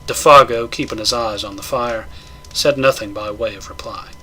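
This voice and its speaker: A man doing a measured, dramatic audiobook-style reading of a horror tale. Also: lowish voice, bright, forceful tone, slight background noise. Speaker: narrator.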